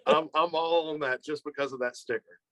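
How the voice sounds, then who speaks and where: A man's voice: a little high, steady tone, a little fast, fairly bright tone, dry recording, low-quality recording. A man co-hosting a casual chat about game picks, laid-back and joking. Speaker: co-host.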